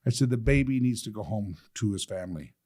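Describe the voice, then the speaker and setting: A middle-aged man in a sit-down talk, telling a personal story with animated quoting of other people. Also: fairly quick. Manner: lively, quotes others with changes of pitch and loudness, laughs often. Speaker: guest telling his story.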